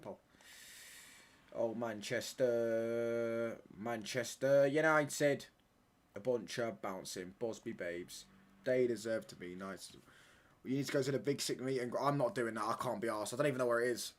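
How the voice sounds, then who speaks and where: A young man, chatting casually with his live-stream viewers, full of slangy banter that he tags with "mate" and "pal". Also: mid-range voice. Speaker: football watchalong streamer.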